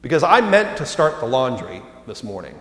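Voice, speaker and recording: A man in his thirties preaching a sermon as pastor, telling stories in a relaxed, humorous, conversational way. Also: medium pitch, normal speed, slight background noise. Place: church sanctuary. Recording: echoey church hall with long reverb.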